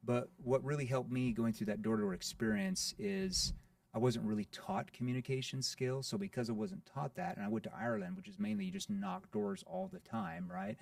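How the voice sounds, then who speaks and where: A man being interviewed on a podcast as a sales coach, talking in an animated way and acting out playful sales lines. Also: a little high, moderate pace, creaky, dry recording, clean studio sound, recorded from a distance.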